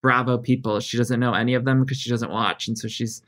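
A man's voice: medium pitch, steady tone, fairly quick, fairly bright tone. Chatty man telling self-deprecating stories. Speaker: podcast guest. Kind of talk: casual chat.

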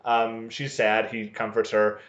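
A man's voice: fairly low pitch, monotone, measured pace, echoey room, dull audio. A man co-hosting a casual podcast chat, sweary and jokey, retelling TV scenes with the characters' lines. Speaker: podcast co-host. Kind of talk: casual chat recapping a TV episode.

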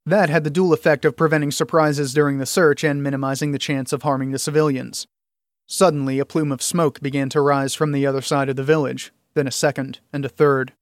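A man narrating a story in a steady, measured reading. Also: fairly high pitch, dry recording, studio quality. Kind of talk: audiobook narration.

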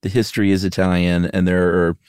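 Man, very low voice, relaxed, chuckling, casual podcast chat, dry close mic. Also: fairly quick, clean tone, no room sound. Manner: relaxed, laughs easily, sings goofy jingles. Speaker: podcast co-host.

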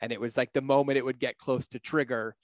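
A man talking casually on a podcast, blunt and animated, swearing freely and acting out his own quotes. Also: quick pace, no room sound. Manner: acts out his own quotes with big pitch jumps.

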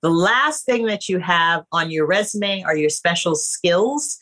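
A woman's voice: lowish voice, lively intonation, measured pace, fairly bright tone. A woman acting coach and casting director giving emphatic, conversational advice to actors on a podcast. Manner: emphatic, conversational, addresses listeners as you guys.

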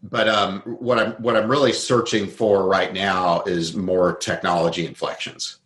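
A man with a lowish voice talks through his ideas as an interview guest. He explains thoughtfully, building points from concrete examples. The room around him is noticeably echoey. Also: level tone, measured pace, a bit bright. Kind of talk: conversational interview.

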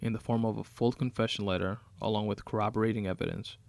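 A man's voice: lowish voice, steady tone, fast talker, gravelly, darkish tone, no echo. A man voicing a pushy male prison warden calling in a favor, firm and insistent.

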